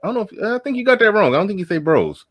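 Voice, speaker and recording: A man hosting a podcast, talking in a relaxed way and repeating his words. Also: sits high, rapid-fire, no room sound, lo-fi sound. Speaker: host. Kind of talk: casual podcast chat.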